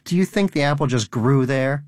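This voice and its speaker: A man's voice: medium pitch, moderate pace, dry recording, studio quality, voice pushed up, close to an everyday voice. A man voicing Donut, a devout, earnest male pet rodent who pleads in a fervent way.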